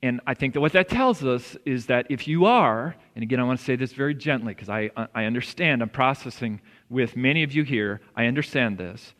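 A man's voice: mid-range voice, expressive, a little fast, hardly any pauses, a bit bright. A man preaching a sermon as pastor, in an earnest, conversational way that swells with emphasis. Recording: long reverb of a church hall.

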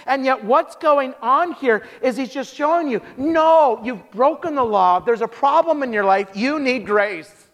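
A man preaching a sermon, telling stories with lively acted-out quotes. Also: very high-pitched, unhurried. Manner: animated storytelling, acts out quotes in character voices. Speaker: pastor. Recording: long hall reverb.

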